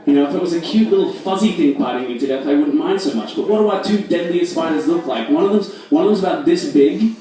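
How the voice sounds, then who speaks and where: A young man with a mixed Australian and American accent does stand-up comedy, chatting with the crowd and poking fun at himself. His voice sits fairly high. He is heard through a PA from far off in a big echoey hall. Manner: self-deprecating, quick asides, audience banter. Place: large echoey hall at a fundraiser.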